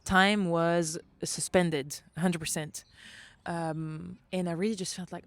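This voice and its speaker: Solo podcast host, young woman with a French accent, lowish voice, expressive and sweary, mixes in French. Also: takes it slowly, no echo. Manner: animated, swears often, slips into French phrases. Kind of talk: reflective solo podcast monologue.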